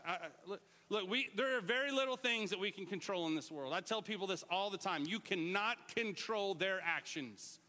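A middle-aged man preaching a lively sermon, sometimes shouting out words to show what they mean. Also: sits high, normal speed, hardly any pauses, in a large hall. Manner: animated, shouts out words to demonstrate. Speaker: pastor.

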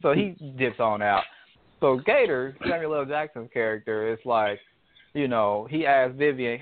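A man's voice: medium pitch, normal speed, no echo. Guy rambling casually about a movie, phone-quality sound, super dry. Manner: relaxed, rambling storyteller. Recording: dry tinny phone line.

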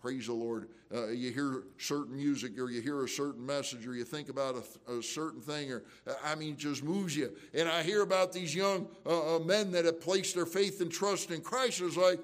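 A man's voice: fairly high pitch, moderate pace, hardly any pauses. A man preaching a sermon as pastor, conversational and fervent, with emotional surges, frequent restarts and folksy asides.

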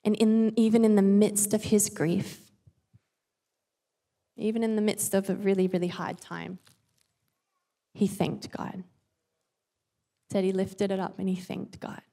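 A woman's voice: mid-range voice, level tone, unhurried, pauses often, warm tone. Chatty woman sharing a Bible devotional. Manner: chatty and earnest, with self-aware asides. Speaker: devotional speaker and mother. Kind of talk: casual Bible devotional talk. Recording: long hall reverb.

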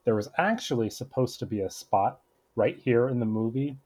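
Husky man with a lively voice, podcast co-host. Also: mid-range voice, moderate pace. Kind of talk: casual movie-rewatch chat.

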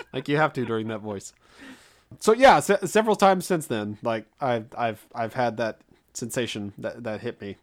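A man's voice: medium pitch, a bit bright. A man co-hosting a casual chat, telling rambling, self-deprecating stories with many restarts. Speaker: podcast co-host.

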